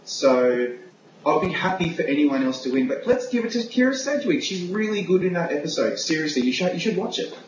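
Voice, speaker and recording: Brief: male pundit, playful and opinionated, slightly high voice, echoey room with faint hiss. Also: very animated, fairly quick, dull audio. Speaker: awards pundit. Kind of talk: casual panel debate.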